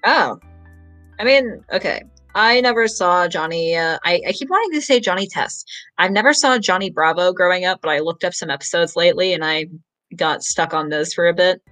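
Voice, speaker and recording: A man's voice: high-pitched, bright, forceful tone, soft background music, rough recording. Male podcast host, casual, rambles and stammers. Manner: rambling, stammering, quick to laugh. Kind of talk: casual chat.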